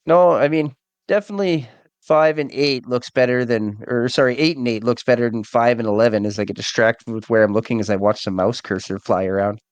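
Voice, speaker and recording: Relaxed man calling a game. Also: medium pitch, a little fast, clean tone, dry recording. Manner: relaxed, jokey, rambling. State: recovering from a cold. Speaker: play-by-play commentator. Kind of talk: casual game commentary.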